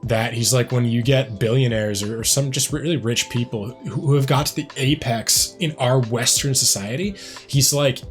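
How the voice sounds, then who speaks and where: A man with a medium-pitched voice and moderate pace hosts a music reaction video. His casual commentary is rambling and reflective, packed with "like" and "um."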